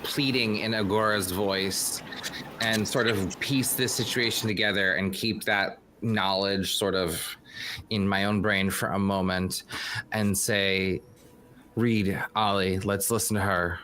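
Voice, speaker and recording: A man's voice: lowish voice, background noise. A man playing a tabletop game, talking hesitantly with many fillers. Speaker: player.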